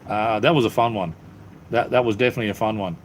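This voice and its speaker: A man's voice: on the low side, fairly even intonation, quick pace, slight background noise. A middle-aged man with an Australian accent, hosting a casual live stream in a rambling, laid-back way with many ums. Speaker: livestream host. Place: cleared-out space under his house.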